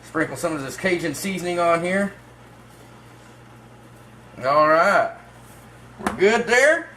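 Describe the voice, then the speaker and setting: Male cooking host, high voice, laid-back folksy demo delivery. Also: takes it slowly, a little hiss or hum. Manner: relaxed, folksy, talks viewers through each step. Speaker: host of a barbecue cooking channel. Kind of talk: casual cooking demonstration.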